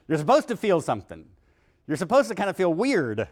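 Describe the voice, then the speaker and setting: A man giving a classroom lecture, leading his students in a group chant and then explaining the text in a lively, engaged way. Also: on the high side, measured pace, long pauses, some chatter behind. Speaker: university lecturer.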